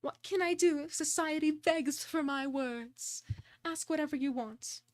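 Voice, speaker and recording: Woman putting on a haughty high-society widow. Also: no room sound, clean studio sound. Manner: slow, theatrical, self-important.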